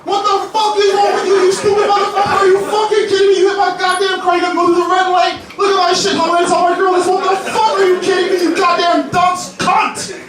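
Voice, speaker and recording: A man playing an enraged driver who yells at the man he hit, all in one breath. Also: very high voice, flat delivery, quick pace, music in the background, a crowd in the background, voice pushed up. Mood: furious. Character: furious male driver, ranting at a crash victim. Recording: echoey club, mic at a distance.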